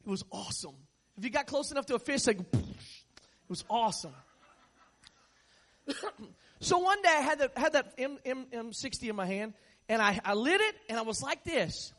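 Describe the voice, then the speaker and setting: A man's voice: extremely high pitch, animated, a little fast, pushed and bright. A man preaching a sermon, a conversational, joking storyteller.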